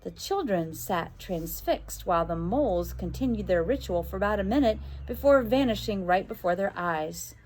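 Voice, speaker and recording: A woman reads a children's storybook aloud with a voice of ordinary, middle pitch. She is a teacher by trade, and her reading is lively and expressive. She lifts her voice high whenever the children in the story shout. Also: normal speed, few pauses, a little hiss or hum.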